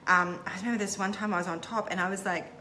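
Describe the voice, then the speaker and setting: Candid woman coach, mid-range voice, halting heartfelt storyteller with a faint hiss behind. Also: mid-range voice, steady tone, bright, forceful tone. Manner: halting, many "um" and "like" restarts. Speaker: intimacy coach. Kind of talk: personal storytelling to camera.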